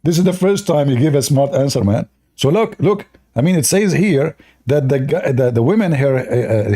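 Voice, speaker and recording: Guy hosting, mocking and sarcastic, a bit high-pitched, soft warm tone. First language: Arabic. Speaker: host. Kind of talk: polemical debate commentary.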